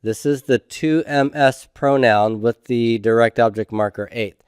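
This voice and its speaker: A man's voice: mid-range voice, clear, resonant tone, no room sound, clean studio sound. A middle-aged man teaching a Hebrew grammar class, explaining step by step and often checking in with "okay?". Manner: slow, methodical, checks in with "okay?". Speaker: Hebrew instructor.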